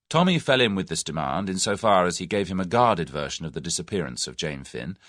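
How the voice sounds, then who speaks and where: A man narrating a mystery novel as a measured audiobook reader. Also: low voice, a bit bright, dry recording, clean studio sound.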